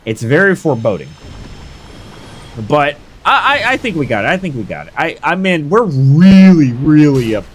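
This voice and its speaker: A man's voice: on the high side, moderate pace, slight background noise. A young man streaming a game live, hyping up his fights and chatting casually with viewers. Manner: excitable, hyped shouts while fighting.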